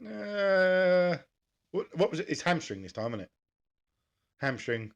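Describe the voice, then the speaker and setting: A laid-back man in easy podcast chat, his voice sitting at an ordinary middle pitch. He swears offhandedly and breaks into laughs often. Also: animated, moderate pace, breathy edge, muffled recording. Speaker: podcast co-host. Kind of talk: casual chat about cricket.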